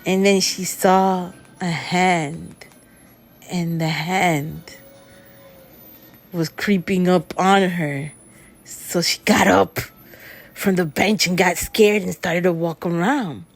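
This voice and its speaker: In a low, steady voice, a woman relaxedly recounts a scary story, taking her time and wandering as she goes. Fillers such as "he goes" run all through it.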